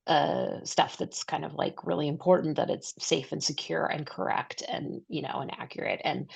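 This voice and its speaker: A woman's voice: sits low, gravelly, breathy edge, no echo. A woman co-hosting a casual podcast chat, talking in rambling stretches with fillers and restarts. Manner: rambling, many fillers and restarts, quick bursts. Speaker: podcast co-host. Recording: dry, slightly dull lo-fi mic.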